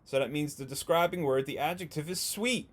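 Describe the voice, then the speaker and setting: Patient male first grade teacher. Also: fairly high pitch. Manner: slow, patient, encouraging, stretches out words. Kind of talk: remote video lesson for young children.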